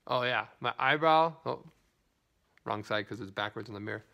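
A man's voice: medium pitch, normal speed, vocal fry, sharp tone. A man chatting through a live product demonstration, greeting viewers by name and switching into broken Spanish, filmed on a phone at home. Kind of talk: casual live product demo.

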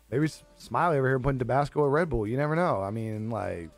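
A man's voice: medium pitch, fairly quick. A young man on a live stream chatting casually with viewers, laid-back and joking, swearing freely and laughing often. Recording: dry close-mic with faint music behind.

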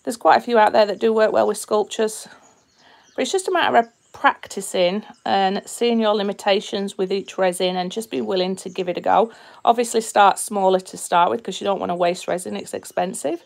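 Hosting a live stream, a resin artist from Yorkshire, England, demonstrates her craft while chatting casually to viewers, greeting them and reading out their comments. She has a Yorkshire accent with a slight Australian twang, and her medium-pitched voice is a little fast, with vocal fry.

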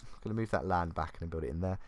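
A man's voice: deep voice, fast talker, no room sound. A young man chatting casually as he talks through a game, thinking aloud and poking fun at himself. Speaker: gaming YouTuber. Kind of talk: casual gameplay commentary. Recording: faint keyboard clicks.

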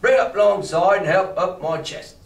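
A rough, bossy old sea captain from a storybook, read out by a male teacher. He barks his orders in a gruff, commanding way. The voice sounds roomy and distant, as if picked up from across a classroom. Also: high voice, normal speed. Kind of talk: reading a novel aloud to a class. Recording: roomy classroom, mic far off.

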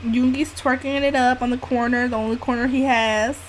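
Excitable high-voiced woman gamer. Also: a little fast, slight background noise. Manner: excitable, swears freely, narrates reactions. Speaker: gaming channel host. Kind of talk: let's-play commentary.

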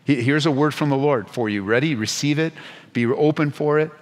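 A man preaching as a pastor at a Bible study, moving between hushed, intimate lines and loud, urgent exhortation, with playful asides. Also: mid-range voice, brisk, in a large hall. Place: church sanctuary.

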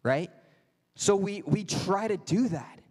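A man's voice: high voice, animated, slow, darkish tone. A man preaching a sermon as a pastor, telling a story and acting out voices in quotes. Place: church sanctuary. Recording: reverberant church hall.

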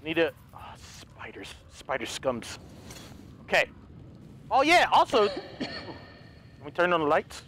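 Man, high voice, swoops all over, excitable let's play commentary, yelps and curses, talks to viewers. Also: slow pace, pauses often, a little hiss or hum. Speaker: gaming youtuber.

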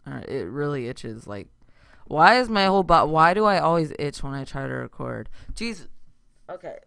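A man chatting casually over his gameplay, wandering from topic to topic and breaking into loud yelps. His voice is bright and crisp with a gravelly fry. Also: on the high side, normal speed, dry recording. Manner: rambling, excitable, sudden loud outbursts. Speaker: gaming channel host. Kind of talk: casual let's-play commentary.

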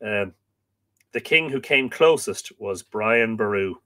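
An Irish man hosts a relaxed live stream, reading passages from an old history book aloud. He is sleepy and yawning, trips over difficult names and breaks off to greet viewers with easy jokes. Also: lowish voice, takes it slowly. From Ireland. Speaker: livestream host reading aloud.

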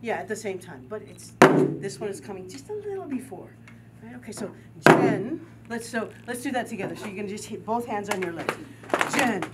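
A woman's voice: medium pitch, expressive, a little fast. A woman teaching a group drum and dance class, counting steps, chanting rhythm syllables and encouraging her students. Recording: distant mic with loud noise.

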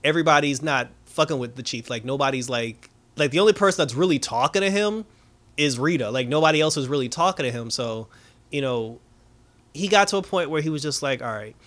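Rambling man with a fairly high voice. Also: expressive, a little fast, a bit bright. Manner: rambling, heavy on filler words and swearing, laughs often. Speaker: TV reviewer. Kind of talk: casual episode recap.

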